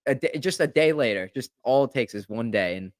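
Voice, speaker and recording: A man hosting a podcast, talking in a rambling, animated way with lots of fillers. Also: medium pitch, fairly quick, no room sound, studio quality. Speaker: podcast host. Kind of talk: casual chat.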